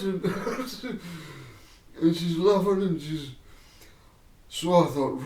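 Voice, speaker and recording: This man has a high voice and speaks slowly but with animation as he tells the camera a rambling personal anecdote. He keeps drifting off track and chuckling, and the recording is echoey from a far-off mic.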